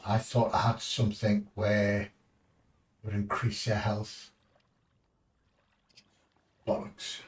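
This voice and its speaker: Chatty English streamer, unhurried and a bit deep, casual swearing, off-mic distance. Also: male voice, completely flat delivery. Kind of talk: casual gaming commentary.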